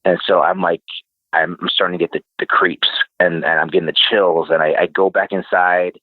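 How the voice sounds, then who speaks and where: Man, very low pitch, hesitant filler-heavy storytelling, phone-quality remote line, dry. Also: flat delivery, no echo. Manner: halting, many fillers and restarts. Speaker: podcast guest. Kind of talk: casual storytelling.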